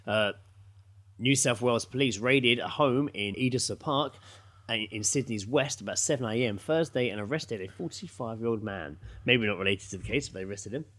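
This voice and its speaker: A man's voice: mid-range voice, normal speed, a bit bright. Man stumbling through news stories. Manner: stumbles over words while reading, swears casually. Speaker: podcast co-host. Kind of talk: casual podcast chat, reading news stories aloud.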